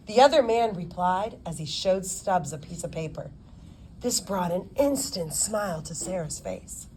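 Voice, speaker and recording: A woman narrating a novel as an audiobook, with expressive storytelling. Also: mid-range voice, a little slow, slightly rough. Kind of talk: scripted narration.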